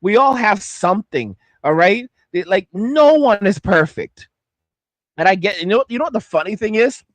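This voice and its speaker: A man with a high-pitched voice hosting his own commentary vlog, ranting bluntly and heatedly with many restarts. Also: animated, moderate pace, fairly bright tone, no room sound. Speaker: host of a commentary channel.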